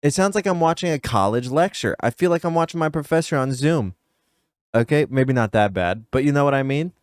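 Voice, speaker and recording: A man's voice: medium pitch, lively intonation, fairly quick, no echo, clean studio sound. A man streaming a casual reaction to a video, nitpicky and emphatic as he talks straight to his viewers.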